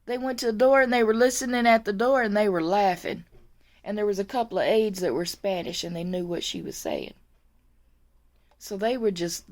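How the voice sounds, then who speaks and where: A woman telling a story in a relaxed vlog, taking her time over each phrase. She is chatty and laughs easily, often repeating a word before going on. Her pitch sits in a middle range. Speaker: former nursing aide telling a story.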